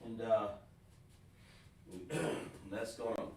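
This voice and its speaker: A male teacher leading a live online class, patiently repeating and drilling pronunciations slowly. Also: fairly low pitch, monotone, a little hiss or hum. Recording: echoey room, far from the mic.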